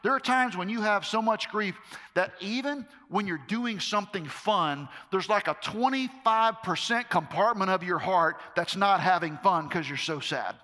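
A middle-aged male pastor preaches in a casual, emphatic way and drives his points home through repetition. His voice is high and bright. It rings out with a long hall reverb. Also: normal speed. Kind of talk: sermon. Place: large hall with a live audience.

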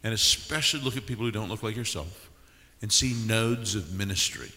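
Male church leader, earnest, bright tone, rhetorical questions, reverberant hall. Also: fairly low pitch, a little fast. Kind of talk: panel discussion.

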